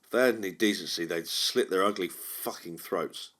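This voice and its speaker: A man's voice: deep voice, normal speed, fairly bright tone. A man voicing a drunk, cruel young man who mocks others coldly, in an audiobook reading. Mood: mocking. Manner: cold, mocking. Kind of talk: audiobook character voice.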